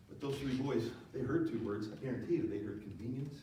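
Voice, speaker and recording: A male pastor preaching a sermon with animated, playful storytelling. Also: mid-range voice, fast talker, hardly any pauses, a little hiss or hum. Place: church auditorium. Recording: echoey church hall, distant mic.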